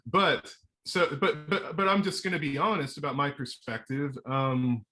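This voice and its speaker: A man hosting a casual conversation, hesitant and searching for words, with many pauses and restarts. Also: fairly high pitch, animated, pushed and bright. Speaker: host.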